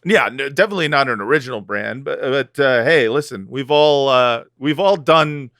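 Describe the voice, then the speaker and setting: Bright, clear sarcastic man. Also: mid-range voice, lively intonation, normal speed, no room sound, clean studio sound. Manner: sarcastic, riffing, many fillers. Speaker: podcast co-host. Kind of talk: casual comedic chat.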